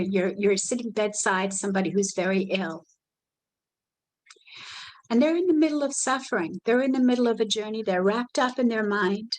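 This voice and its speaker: A woman with a somewhat high voice leads a live online workshop. She talks gently and soothingly, drifting into soft guided imagery as she teaches, and speaks from an indoor video call. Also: rough recording. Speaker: workshop presenter.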